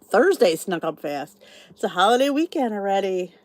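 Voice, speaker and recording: A woman's voice: mid-range voice, very animated, moderate pace, no echo. A middle-aged woman hosting a casual livestream chat, greeting viewers and reading their comments aloud. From New Jersey, US. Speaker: channel host.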